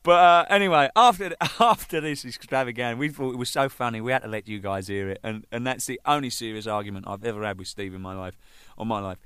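A man, a band drummer telling anecdotes in an animated way, swearing freely and laughing at his own jokes. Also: mid-range voice, fast, clean tone, no echo. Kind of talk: anecdotal storytelling.

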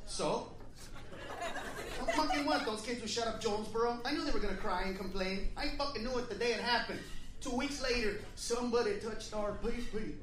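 A man's voice: extremely high pitch, fast talker, noisy background. A man doing a stand-up comedy set on a club stage, ranting with heavy profanity and acting out the people he mocks. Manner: profane, aggressive rants with acted-out quotes. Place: comedy club stage before a laughing crowd. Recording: echoey live room, mic heard from far. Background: loud audience laughter.

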